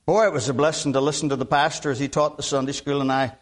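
A man's voice: mid-range voice, fairly even intonation, quick pace. An older man from Alabama, preaching a sermon in a folksy way with repeated amens. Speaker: guest preacher.

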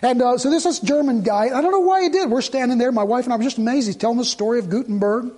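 Pastor, male, middle-aged, higher pitch with a husky edge, storytelling sermon that climbs to fervent peaks. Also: quick pace, a little mellow. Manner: storytelling, rising to fervent emphasis.

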